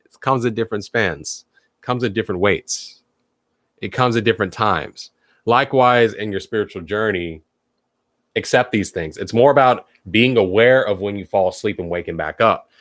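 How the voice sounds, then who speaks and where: A man with a fairly low voice talks to his viewers as a spiritual teacher in a loose, conversational way. He swears freely and hammers points home by repeating words. The sound is close and dry, with no room around it. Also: moderate pace, no echo. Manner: animated, repeats words for emphasis. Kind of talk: casual spiritual talk to viewers.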